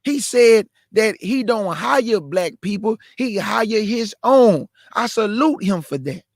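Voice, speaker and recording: A man's voice: high-pitched, lively intonation, takes it slowly, dry recording, studio quality. A male host delivering a preachy, repetitive monologue and addressing his listeners as family.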